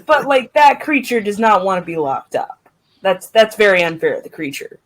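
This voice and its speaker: A woman playing a tabletop game, earnest and soft-hearted, quick to laugh. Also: mid-range voice, sing-song, rough recording. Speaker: player. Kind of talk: casual tabletop play.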